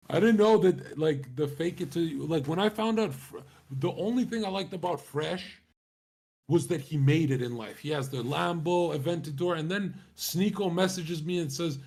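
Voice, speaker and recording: Young male streamer, raspy, brash and profane, rambling casual chat. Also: on the high side, normal speed, a little mellow. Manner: swaggering, profane, slangy.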